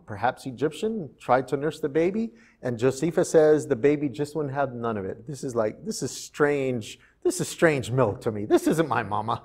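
A male pastor giving a sermon in an animated, conversational storytelling manner. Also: mid-range voice. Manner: animated, conversational, slips into character voices.

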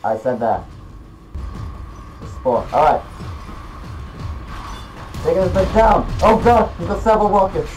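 A teenage boy giving gameplay commentary, excitable and quick to swear and yell at the game. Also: sits high, soft background music, low-quality recording. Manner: excitable, swearing, yelling outbursts. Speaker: gaming YouTuber.

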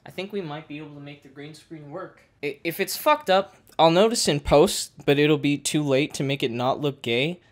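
A woman doing comedic YouTube commentary, reading out comments with profane, sarcastic, deadpan mockery. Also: deep voice, normal speed, hardly any pauses.

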